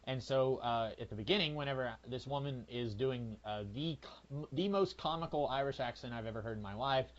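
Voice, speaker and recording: A man co-hosting a podcast in casual movie review chat, telling things in a rambling, halting way full of fillers and restarts. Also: medium pitch. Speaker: podcast co-host. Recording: lo-fi, dull sound.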